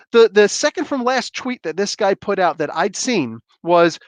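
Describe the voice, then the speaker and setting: Blunt, ranting man with a higher voice. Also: expressive, brisk, hardly any pauses, dry recording, highs cut off. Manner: blunt, heated, rambling. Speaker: livestream host. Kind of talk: casual livestream rant.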